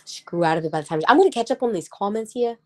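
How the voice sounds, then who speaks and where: A woman's voice: mid-range voice, animated, rapid-fire. A woman in her thirties hosting a casual livestream, chatting with viewers and getting heated as she rants. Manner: chatty, gets heated and ranty. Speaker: livestream host. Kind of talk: casual live chat with viewers.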